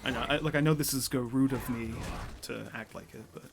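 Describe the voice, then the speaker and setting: A man's voice: mid-range voice, steady tone, a little fast, gravelly. A man hosting a live fighting game tournament stream, chatty and rambling, often laughing. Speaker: tournament commentator and host. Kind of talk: live esports commentary.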